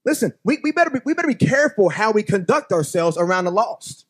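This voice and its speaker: Pastor in the pulpit, higher male voice, folksy sermon that swings between soft reading and loud exhortation. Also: sing-song, brisk, husky. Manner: folksy, talks straight to the congregation. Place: church sanctuary.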